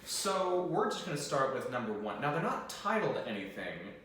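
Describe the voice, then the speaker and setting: A man's voice: mid-range voice, big pitch swings, moderate pace, a bit bright, a little hiss or hum. A young American man hosting a video, chatting casually and self-deprecatingly as he sight-reads organ music. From United States. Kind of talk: casual talk while sight-reading. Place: room with an organ. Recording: very echoey room, mic at a distance.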